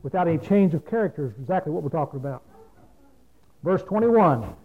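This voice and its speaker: High-voiced country preacher, talks plain and asks the crowd stuff, tinny lo-fi radio. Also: male voice, lively intonation, fairly quick. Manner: folksy, plain-spoken, asks the listeners questions. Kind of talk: folksy sermon. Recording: phone-like lo-fi radio broadcast.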